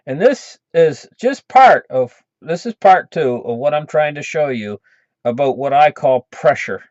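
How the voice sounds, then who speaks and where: A man's voice: on the high side, dry recording. A man casually telling a folksy, rambling cautionary story for his channel, chuckling often, in a dull lo-fi recording. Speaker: channel host.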